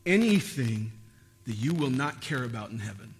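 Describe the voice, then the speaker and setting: A man's voice: mid-range voice, sing-song, moderate pace, gravelly. A man preaching a sermon, asking his listeners questions and building to emphatic, repeated phrases. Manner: asks the audience questions. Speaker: pastor.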